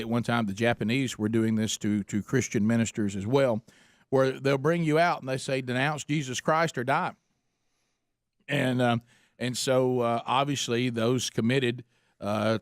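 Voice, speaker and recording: A middle-aged man with a medium-pitched voice hosts a talk radio show, telling stories in an earnest, conversational style peppered with "uh." The dry, studio-quality recording was made on a studio microphone.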